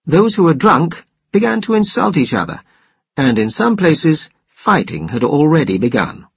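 A man narrating a novel in steady, even storytelling, with a husky voice. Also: on the high side, moderate pace, no echo. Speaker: audiobook narrator. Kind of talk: scripted narration.

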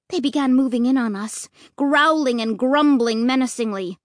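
A woman reading a children's story aloud, expressive and lively, acting out the dialogue. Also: high voice, moderate pace, few pauses, no echo, clean studio sound. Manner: lively, voicing dialogue with rising excitement. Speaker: audiobook narrator.

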